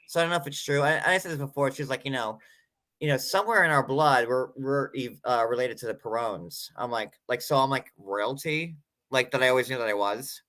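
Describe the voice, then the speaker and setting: A woman's voice: extremely low pitch, a little fast, fairly bright tone. A woman chatting casually as a panelist, rambling and filling her talk with "like.". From tri-state area of the US. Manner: rambling, heavy use of "like". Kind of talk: casual podcast chat.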